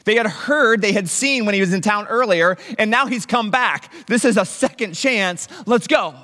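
Middle-aged man, pastor, lively preaching, high voice, long hall reverb. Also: moderate pace. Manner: animated, conversational preaching with asides. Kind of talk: sermon.

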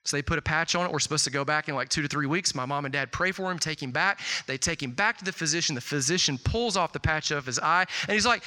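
A middle-aged man preaching a sermon, telling stories with lots of "like" and jumping up loud and high when he quotes people. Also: fast, hardly any pauses. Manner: animated storytelling, swings loud and high on quotes, filler "like". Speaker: pastor. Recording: long hall reverb.

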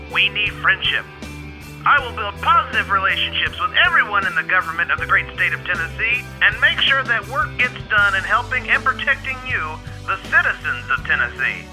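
A man's voice: sits high, sharp tone, exaggerated voice, rough recording. A man voicing a folksy male candidate for governor in a mock campaign ad, earnest with broad hick impressions.

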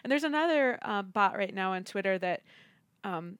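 A woman talking casually on a book podcast, chatty and quick with her asides. Her voice sits in a middle register. The sound is dry and close, with no room around it. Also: medium pitch, expressive, a bit bright, clear, resonant tone, dry recording. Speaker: podcast co-host. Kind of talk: casual book-club chat.

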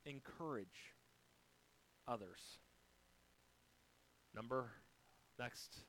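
A man preaching a sermon to his church. He moves from near-shouted emphasis down to hushed, gentle lines, and quotes scripture in a slow, deliberate voice. His pitch sits in an ordinary middle range. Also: expressive, slight background noise, poor audio. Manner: dynamic preaching, swinging from loud to soft, quoting scripture. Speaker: pastor.

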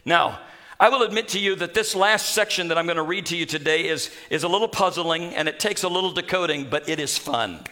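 A man delivers a sermon in a high, bright voice. He tells the scripture story with animated humor and an easy, engaging style. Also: a little fast. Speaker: pastor.

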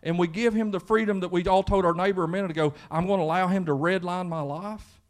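High-voiced Kentucky pastor preaching. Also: male voice, fairly even intonation, fast talker. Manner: conversational, building to fervent emphasis. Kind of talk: sermon. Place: church.

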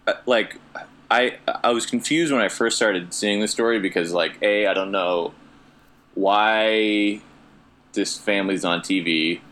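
Slightly low, bright-toned man chatting wryly. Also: measured pace. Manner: hesitant, lots of fillers and restarts, wry. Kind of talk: casual comedic chat.

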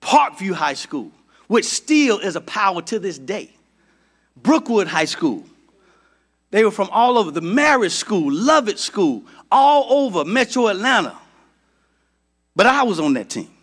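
High, bright-voiced preaching pastor. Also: male voice, very animated, a little slow, pauses often. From Georgia, United States. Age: middle-aged. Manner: preaching in call-and-response, building to shouts. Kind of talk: sermon.

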